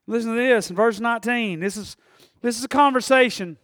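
A man preaching a sermon in church, talking conversationally, laughing often and building to shouts. His voice sits very high for a man. The recording is close and dry. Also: fast talker, pauses often, no room sound.

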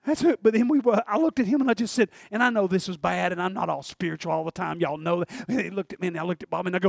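Man, middle-aged, folksy sermon, high voice, dry close sound. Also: fast, vocal fry, hardly any pauses, no room sound. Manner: folksy, swings from hushed to shouting. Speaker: pastor. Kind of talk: sermon with personal story. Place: church sanctuary.

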